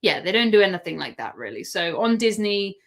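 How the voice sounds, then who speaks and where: Brief: English woman, chatty live-stream host, mid-pitched, laughs easily. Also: sing-song, brisk. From England. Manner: chatty, answers viewer questions, laughs often.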